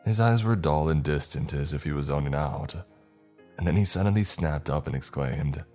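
A man narrating a first-person scary campfire story in a steady, scripted storytelling manner. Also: very deep voice, normal speed. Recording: faint music under the voice.

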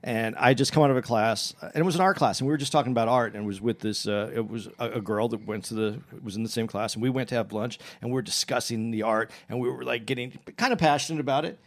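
A man chatting casually, telling a story in a rambling way with many restarts and self-corrections, and growing animated as he retells exchanges. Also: mid-range voice, fast talker, hardly any pauses.

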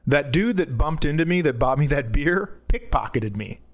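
A man, a podcast co-host and comedian, telling a story in casual chat and jumping high when he quotes people. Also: normal speed. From United States. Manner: animated storyteller, jumps to high voices for quotes.

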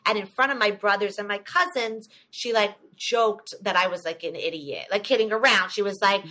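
A woman's voice: medium pitch, normal speed. A woman comedian guesting on a podcast, telling personal stories animatedly and acting out other people's lines. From United States. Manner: animated storyteller, acts out quoted voices. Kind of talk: casual storytelling chat.

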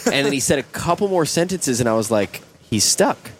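A man with a mid-range voice talks in a casual chat, his pitch moving freely as he tells the others what he saw. A faint room hum sits behind him. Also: very animated, a little fast.

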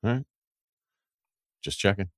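A man hosting a sports podcast, telling stories in casual chat with quick asides. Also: no echo, clean studio sound. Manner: animated storyteller with quick asides. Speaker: podcast host.

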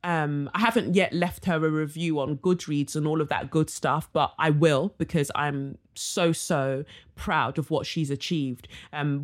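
A young woman from Nigeria hosting a casual solo podcast, chatty and warm, full of slang and fillers. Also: deep voice. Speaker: podcast host.

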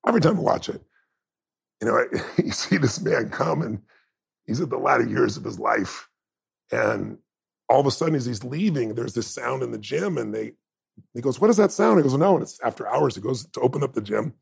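Medium in pitch and moderate in pace, this man's voice carries vocal fry and a breathy edge. As a guest in a podcast conversation, he recounts stories with intense, heartfelt emphasis.

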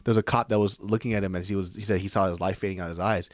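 A man's voice: sits low, steady tone, very fast, no echo. Laid-back man cursing freely on a podcast. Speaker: podcast co-host. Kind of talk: casual chat.

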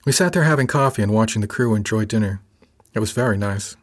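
A man narrating a first-person audiobook in a calm, even storytelling manner. His voice sits low and has a slight husky edge. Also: fast.

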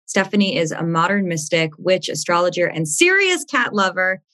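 A woman's voice: fairly low pitch, animated, normal speed, a bit bright. A young woman hosting an astrology podcast, gushing and rambling in casual chat, laughing often.

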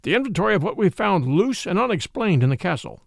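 A man's voice: sits high, very animated, fast, gravelly, no room sound, clean studio sound, heavily acted. A man voicing a grave, lean, grey-haired police inspector in a storybook reading, speaking in a businesslike way.

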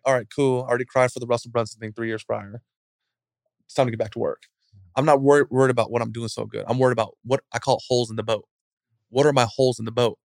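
A man giving a casual motivational talk as a guest speaker, acting out scenes in an animated, storytelling way. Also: medium pitch, gravelly, no room sound, studio quality.

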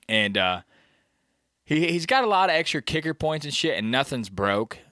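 Casting: man, casual storyteller, bright forceful voice, dry close sound, slangy, keeps asking "you know what I mean". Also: fairly high pitch, normal speed, no echo. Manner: animated storyteller, acts out the deer's thoughts. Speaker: bowhunter recounting a hunt. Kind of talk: casual chat.

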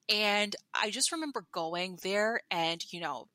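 A woman's voice: mid-range voice, expressive, measured pace, few pauses, sharp tone, dry recording. A woman telling a personal story as a podcast guest, chatty, with many fillers and restarts. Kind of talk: candid storytelling.

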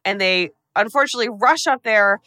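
Bright-voiced woman rapidly recapping a film. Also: medium pitch, dry recording. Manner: rapid, profane, breathless storytelling. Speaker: podcast host.

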